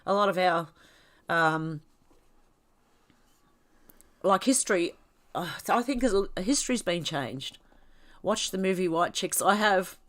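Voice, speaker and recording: Slow and animated, with long pauses, a woman with an Australian accent and a somewhat bright, lowish voice hosts a relaxed livestream. Congested from a cold, she goes through viewer comments, rambles chattily and frequently laughs.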